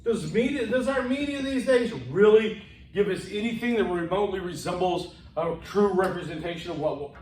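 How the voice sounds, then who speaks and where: This male college instructor's classroom lecture wanders conversationally, and he keeps using fillers and starting sentences over. He speaks in a high, slightly bright voice, recorded in an echoey room with a little hiss or hum.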